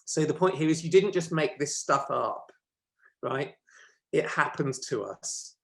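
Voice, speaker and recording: A man's voice: a little high, lively intonation, a little slow, creaky, a bit bright. A man giving a conversational workshop talk, often correcting himself and checking in with his listeners. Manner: chatty, checks in with listeners with "okay?"; self-correcting, with frequent ums. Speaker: workshop presenter.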